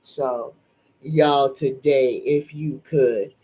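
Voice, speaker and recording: A woman's voice: a bass voice, fairly even intonation, drawn-out words, husky, lo-fi sound. A middle-aged woman, hosting a live psychic chat in a folksy, emphatic, preachy way. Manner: tearful, soft-spoken. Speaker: psychic livestream host. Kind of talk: casual live-stream chat.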